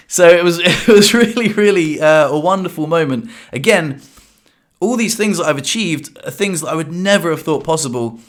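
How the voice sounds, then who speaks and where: A man's voice: fairly high pitch, fairly bright tone. A young man vlogging to camera in a casual, upbeat way, talking in loose runs full of fillers and restarts.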